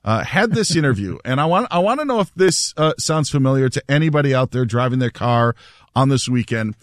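A man's voice: mid-range voice, lively intonation, a little fast, no echo, clean studio sound. A man hosting a casual radio show, telling stories animatedly and laughing as he talks. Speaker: radio host.

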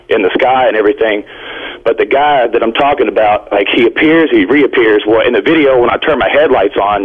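A man from Indiana calling in to a radio show, telling a rambling, excited story with nervous laughs. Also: mid-range voice, slightly rough. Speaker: caller. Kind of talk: phone-in storytelling. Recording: tinny phone line.

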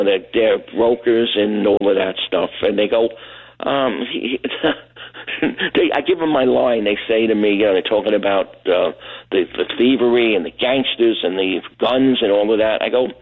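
A man's voice: fairly low pitch, normal speed. A middle-aged man from Brooklyn calls in to a late-night radio show. His voice comes through a thin, tinny phone line. He rambles through a long anecdote, voicing each person in the story as he goes. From Brooklyn, New York. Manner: rambling, anecdotal, acts out other people's lines. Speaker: caller. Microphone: telephone.

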